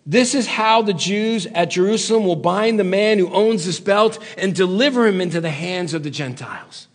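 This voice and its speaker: A man preaching a sermon with passion, dropping low and quiet, then rising loud. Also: moderate pace. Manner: impassioned, swings between hushed low lines and loud raised ones.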